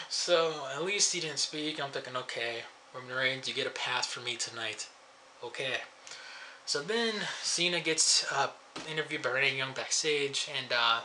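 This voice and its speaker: Guy rambling thru a show review, sarcastic, super bright tense voice, bit of hiss. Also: mid-range voice. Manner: rambling, sarcastic, laughs at own jokes. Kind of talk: casual solo review.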